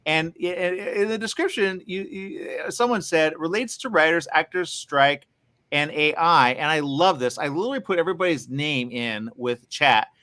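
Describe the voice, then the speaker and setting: A man hosting a live interview, rambling and excitable, acting out the conversations he has had. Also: on the high side, normal speed, no room sound. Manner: rambling, excitable, acts out quoted exchanges.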